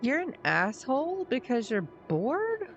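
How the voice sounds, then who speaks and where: A woman streamer reading the lines of an earnest, kind-hearted boy from a story game, gentle and sincere. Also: high-pitched, wildly swooping pitch, measured pace, highs cut off, a little hiss or hum, voice pushed up, full character voice.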